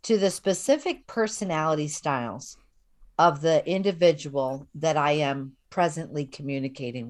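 A woman leading a casual Bible study chat, guiding the others and laughing easily. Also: deep voice.

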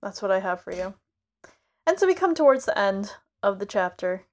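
A woman's voice: mid-range voice, sing-song, normal speed. A woman co-hosting a podcast, recapping in a chatty way, quoting characters aloud and dropping "like" as filler. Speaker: podcast co-host. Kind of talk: casual podcast chat.

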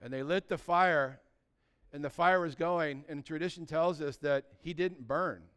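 Guy preaching a sermon, pretty high voice, really clear, tells stories and hammers the same phrase over and over. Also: measured pace, a bit bright. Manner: storytelling, emphatic with repeated phrases. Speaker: pastor.

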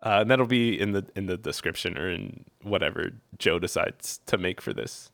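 A man's voice: low-pitched, animated, moderate pace, gravelly, a bit bright, no echo, studio quality. A man from Virginia, guest-hosting a podcast, chatting casually and joking with frequent laughs. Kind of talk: casual chat.

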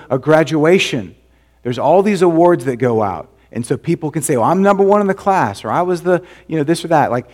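Rhetorical questions fill a man's conversational sermon as a pastor, and he goes soft and low whenever he emphasizes something.

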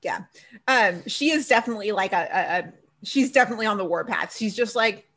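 A woman's voice: mid-range voice, brisk. A woman co-hosting a podcast, casually recapping a TV episode and acting out the characters' lines with swearing and laughter. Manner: animated, acts out characters' lines, swears freely. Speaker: podcast co-host.

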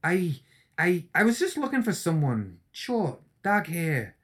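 A man doing a squeaky, flustered mad doctor. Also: wildly swooping pitch, slow, a bit bright, heavily acted. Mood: stammering. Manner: stammering, jumpy and squeaky. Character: flustered, unhinged male doctor, feigning innocence.

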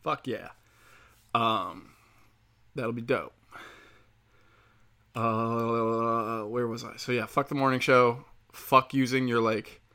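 A man's voice: medium pitch, pushed and bright. A man delivering a heated, profane opinion rant, rambling with fillers as he talks.

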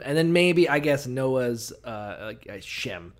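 A man chatting on a podcast in a lively, swinging voice that leaps up and down. He swears constantly and slips into brief character voices as he retells old stories. His pitch sits a little high for a man. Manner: profane, animated, acts out characters in quick bursts. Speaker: podcast co-host. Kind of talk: irreverent casual chat retelling Bible stories.

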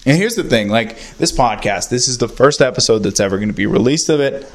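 A man's voice: mid-range voice, lively intonation, fairly quick. A young man hosting his own podcast, rambling and self-mocking as he talks into a handheld voice recorder indoors at a friend's house. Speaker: podcast host. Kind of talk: casual solo podcast rant.

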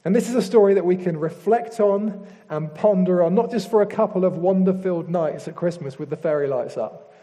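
A man preaching a sermon, leading a prayer and reading scripture slowly and earnestly. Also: high voice. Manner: earnest, slows down and softens in prayer. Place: church hall with screen behind speaker. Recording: long hall reverb.

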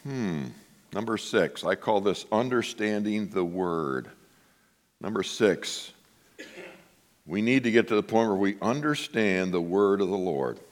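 Middle-aged male pastor, lowish voice, lively preaching storyteller, jumps from quiet asides to big outbursts. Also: unhurried. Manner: animated storytelling, swings from hushed asides to loud exclamations. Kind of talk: sermon with personal story.

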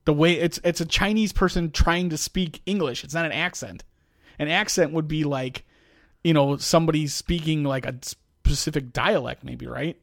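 A man's voice: fairly high pitch, moderate pace, vocal fry, a bit bright, no room sound, clean studio sound. A man hosting a casual podcast, telling stories wryly and arguing his point, with many fillers. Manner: wry storytelling, argumentative, trails off with fillers. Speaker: podcast host. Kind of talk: casual chat.

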